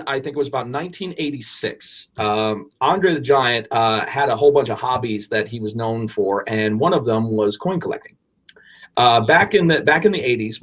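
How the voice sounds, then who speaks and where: A man in his forties, co-hosting a podcast, telling a story in an animated, rambling way with restarts and casual swearing. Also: medium pitch. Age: 40s. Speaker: podcast co-host.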